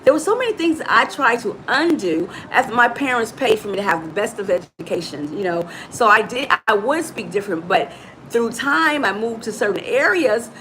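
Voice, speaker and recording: A middle-aged woman from Chicago, a motivational coach giving an animated, preachy talk straight to her listeners. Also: on the high side, moderate pace, slight background noise, poor audio. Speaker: motivational coach and podcast host.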